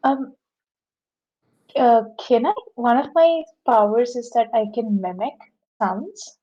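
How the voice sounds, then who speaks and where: A woman playing a tabletop game, talking hesitantly with halting restarts. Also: a little high, animated, highs cut off. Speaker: player. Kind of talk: casual tabletop play.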